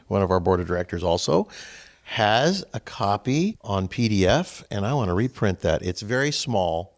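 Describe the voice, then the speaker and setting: A middle-aged man leads a casual spiritual group talk. He tells stories with lots of asides, and his pitch swings up and down in a lively way. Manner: animated storytelling with asides. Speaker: discussion group host.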